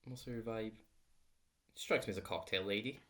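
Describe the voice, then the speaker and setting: A woman's voice: a bass voice, fairly bright tone. A woman co-hosting a podcast in casual chat, wry and teasing. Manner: wry, teasing, quick to agree. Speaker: podcast co-host.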